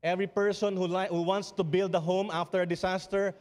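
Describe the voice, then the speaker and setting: A man with a Filipino accent and a fairly high voice gives a passionate speech to an audience, throwing out rhetorical questions and hammering home repeated phrases. He stumbles and restarts now and then. His voice rings out with the long reverb of a large hall. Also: level tone, brisk, a little mellow. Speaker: speaker at a public forum. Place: event venue with an audience.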